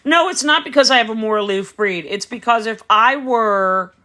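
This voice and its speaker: Bright-voiced chatty woman breeder. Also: a little high, moderate pace. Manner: chatty, explains as she goes, answers viewer comments. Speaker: dog breeder. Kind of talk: casual livestream chat. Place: home, beside a whelping box.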